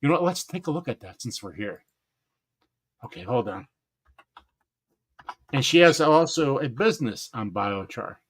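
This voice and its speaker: Man, mid pitch, casual live-stream host, excitable, laughs a lot, trips over words. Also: normal speed, long pauses, breathy edge. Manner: excitable, laughs often, stumbles over names.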